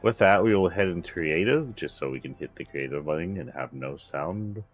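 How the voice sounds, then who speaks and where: Low-voiced man chatting while gaming. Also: expressive, normal speed, breathy edge, muffled recording, soft background music. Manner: rambling, chuckling to himself, chatty with his cat. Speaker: game streamer. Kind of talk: casual live-stream chat.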